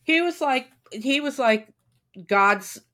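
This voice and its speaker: A woman's voice: sits high, lively intonation, slow pace, a bit bright. A woman chatting casually on a podcast, venting with plenty of swearing and acting out what people said. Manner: venting, profane, acts out quotes. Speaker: podcast co-host. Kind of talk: casual chat.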